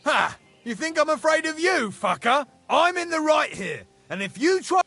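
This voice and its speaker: Brief: an angry medieval peasant, bright gravelly voice, slow bark. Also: male voice, extremely high pitch, very animated, faint music behind, heavily acted. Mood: defiant. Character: hot-tempered medieval peasant man, quarrelsome. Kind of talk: video game voice acting.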